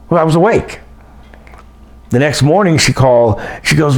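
An older man, a guest in an interview, telling personal stories in a casual, animated way and acting out the voices he quotes. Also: mid-range voice, moderate pace, long pauses. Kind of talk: casual storytelling.

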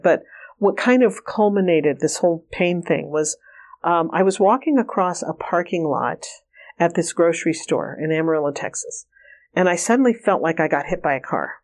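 Her voice sits on the low side and sounds a little mellow. As a remote viewing trainer being interviewed, she tells personal stories earnestly and candidly in a conversational style, frequently starting over mid-thought.

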